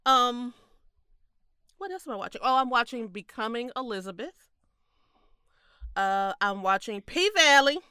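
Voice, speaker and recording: A woman co-hosting a casual chat podcast, emphatic and quick to laugh. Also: fairly high pitch, smooth, no echo, clean studio sound. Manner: animated, laughs often, emphatic. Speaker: podcast co-host.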